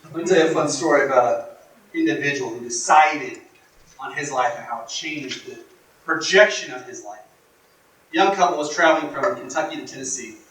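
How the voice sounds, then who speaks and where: A man giving a motivational workshop talk, telling stories in a dramatic, emphatic way that swings from hushed to loud. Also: mid-range voice, brisk. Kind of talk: storytelling speech to a live audience. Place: workshop room. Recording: echoey room from far off.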